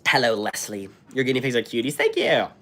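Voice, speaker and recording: A young American man hosts a live stream, reading comments and chatting in a rambling way full of fillers and restarts. His mid-range voice is brisk, bright and forceful, though his throat sounds scratchy and sore from being sick.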